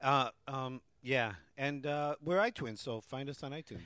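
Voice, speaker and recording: A man's voice: medium pitch, measured pace, fairly bright tone, smooth, no room sound. A man co-hosting a casual podcast, loose and joking with lots of fillers. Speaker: co-host.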